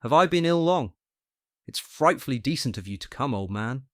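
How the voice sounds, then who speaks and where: A man's voice: medium pitch, slow, no room sound, clean studio sound. A man voicing a weak, furious sick man in bed. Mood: bewildered. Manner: furious outbursts, snapping and shouting. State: weak from illness. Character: bedridden man, weak, irritable and bewildered.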